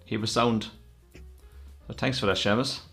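Deep, gravelly podcast host. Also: male voice, fairly even intonation, moderate pace, music in the background. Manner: laid-back, crude banter, reading listener messages. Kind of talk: casual podcast chat.

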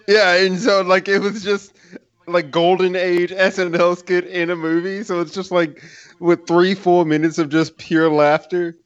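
A man's voice: high voice, flat delivery, unhurried, no echo, highs cut off. A man co-hosting a casual movie podcast, laid-back and full of "like" fillers. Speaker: podcast co-host.

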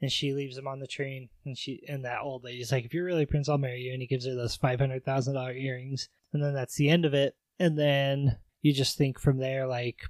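A man's voice: mid-range voice, little pitch movement, brisk, few pauses, a little mellow, dry recording. A man co-hosting a podcast, recapping a movie in casual chat and acting out the characters' lines in raised voices with frequent laughs. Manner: acts out quotes in raised voices, laughs often. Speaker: podcast co-host.

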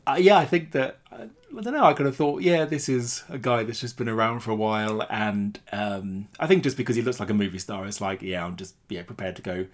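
A man's voice: fairly low pitch, brisk, hardly any pauses. A man co-hosting a casual film podcast, enthusiastic and laughing often. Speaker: podcast co-host. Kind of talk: casual film-discussion chat.

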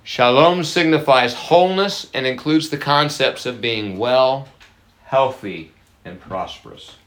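A man preaching a sermon, lively and chatty with his congregation, slowing down to stress key words and laughing often. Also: mid-range voice, roomy sound. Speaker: pastor.

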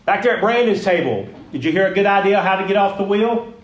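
A man leading an interactive sermon, folksy and animated, asking the room questions. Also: high-pitched, quick pace, muffled recording. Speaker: pastor leading a group session. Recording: roomy echo, mic at a distance.

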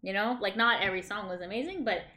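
A woman's voice: mid-range voice, fast talker, bright, forceful tone. A woman co-hosting a casual chat podcast, talking animatedly with lots of "like" and casual swearing. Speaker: podcast co-host.

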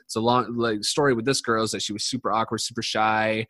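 A man's voice: on the low side, fairly even intonation, fast talker, a bit bright, dry recording. A young man from the United States, a podcast guest, telling a long story in casual chat, swearing freely and full of fillers and restarts.

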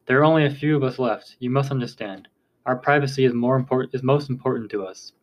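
A man reading as a calm, formal tribal chief. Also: mid-range voice, natural voice. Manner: measured, formal, polite speech. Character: calm, courteous older male tribal chief.

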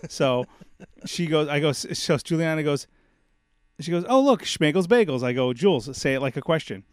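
A man's voice: a little high, normal speed, dry recording, studio quality. A middle-aged man co-hosting a podcast in casual chat, joking and teasing, and swearing freely. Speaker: podcast co-host.

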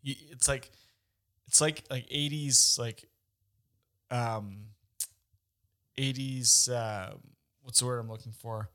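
A man in casual chat, talking haltingly with fillers as he hunts for words, swearing now and then. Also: mid-range voice, steady tone, bright, forceful tone, clean tone. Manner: halting, searches for words, profane.

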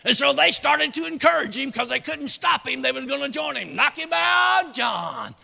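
A man preaches and spins a tall tale, whooping and hollering in a high, gravelly voice that swings all over. His tone is bright and sharp. The sound rings out with the long echo of a large hall. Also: brisk. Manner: shouting, hollering storyteller with whoops. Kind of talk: sermon with a folksy tall tale.

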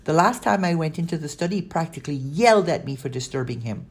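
A woman reading aloud plays a clever, cautious girl who leads the others with measured, earnest speech. Her low, husky voice barely lifts for the part, and the pitch moves widely. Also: lively intonation, full character voice.

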